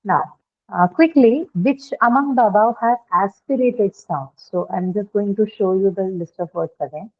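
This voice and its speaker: Over tinny phone-like audio, a medium-pitched woman runs an online phonetics lesson on pronunciation rules. She fills pauses with fillers as she handles each example and frequently checks whether the class understands.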